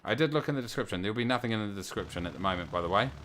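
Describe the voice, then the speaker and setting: Low-voiced New man chatting on stream. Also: expressive, very fast, a bit bright, slight background noise. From New Zealand. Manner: chatty, reads viewer messages aloud and thanks them. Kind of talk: casual livestream chat.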